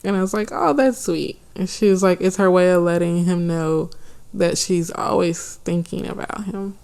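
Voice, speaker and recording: A woman's voice: fairly low pitch, normal speed, vocal fry, a little mellow, smooth. A woman co-hosting a relationship podcast with her husband, dryly keeping the talk on track. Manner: dry, keeps things on track. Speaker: podcast co-host. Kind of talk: casual married-couple chat.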